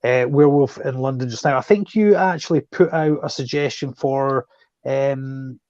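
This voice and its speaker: A Scottish man hosts a loose, banter-filled chat and keeps teasing his guests with jokes. His voice sits at a middle pitch. The recording sounds dull and dry. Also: moderate pace, a little mellow, no room sound. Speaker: host. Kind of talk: casual chat.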